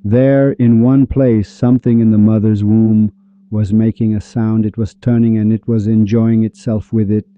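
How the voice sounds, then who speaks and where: A man's voice: lowish voice, level tone, moderate pace, narrow, tinny audio. A man lecturing on mystical poetry who repeats phrases and acts out little dialogues. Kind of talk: animated lecture.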